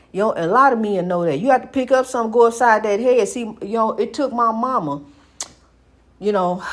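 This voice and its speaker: Husky, preachy woman calling you honey. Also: a little high. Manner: preachy and emphatic, calls listener honey. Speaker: speaker giving life advice. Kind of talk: inspirational monologue.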